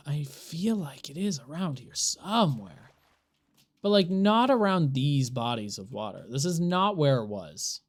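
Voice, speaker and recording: Chatting with the audience while playing on a live gameplay stream, this streamer rambles, sounds exasperated, and laughs a lot. The medium-pitched voice is very animated but keeps a measured pace.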